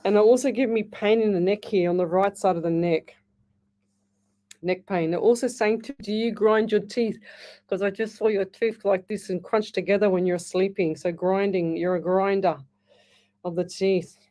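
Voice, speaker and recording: A woman with an Australian accent hosting a live psychic call-in radio show, chatty and quick to laugh. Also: mid-range voice, steady tone, warm tone. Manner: chatty, laughs easily, reads messages aloud. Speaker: psychic medium radio host. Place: radio studio.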